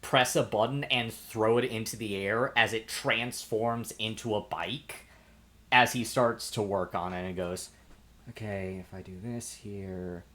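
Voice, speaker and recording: A man narrating scenes as game master of a tabletop game, in a relaxed, descriptive way. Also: fairly low pitch, a little slow.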